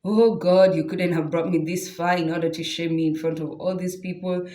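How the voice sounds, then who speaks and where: A woman's voice: lowish voice, fairly even intonation, normal speed, dark tone, echoey room, natural voice. A woman voicing a panicked male leader pleading with God in an exasperated tone.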